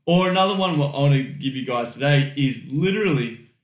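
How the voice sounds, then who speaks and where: A man's voice: mid-range voice, lively intonation, fairly quick. Aussie guy podcasting, swears a lot, laughs easy, echoey room. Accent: Australian. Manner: blunt, swears freely, laughs easily. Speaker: podcast co-host. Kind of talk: casual podcast chat.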